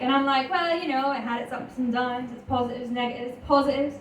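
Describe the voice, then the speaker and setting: Northern irish girl doing standup, dry deadpan jokes, kinda high voice, roomy club sound, noisy. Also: a little fast, far from the mic. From Northern Ireland. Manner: dry deadpan delivery, laughs at own jokes. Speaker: stand-up comedian. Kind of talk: stand-up comedy set. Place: comedy club stage. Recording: echoey club, mic heard from afar. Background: audience laughter.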